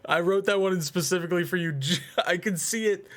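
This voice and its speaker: A man's voice: high voice, fairly quick, fairly bright tone. A man hosting a casual podcast, asking a guest questions and laughing easily along the way. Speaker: podcast host. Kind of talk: casual interview.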